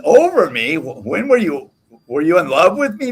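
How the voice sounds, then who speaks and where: A man hosts a livestream panel, talking trash with a rough, gravelly rasp. His pitch swings widely as he mocks and curses at a rival. His voice sits a little higher than most men's. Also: huge pitch swings, normal speed. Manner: profane, taunting, mocking. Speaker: livestream host.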